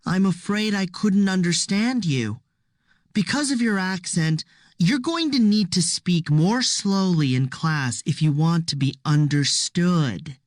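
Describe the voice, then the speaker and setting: A woman reading aloud as a patient, pitying schoolteacher who speaks slowly and carefully to her class. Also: on the low side, expressive, no echo, studio quality. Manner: slow, careful classroom speech.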